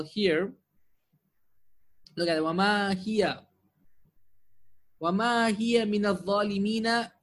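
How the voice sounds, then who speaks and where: A man with a fairly high voice teaches Arabic grammar online. He explains patiently and keeps asking his class rhetorical questions. He recites Quranic verses fluently between his English explanations. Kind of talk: online lesson with shared screen.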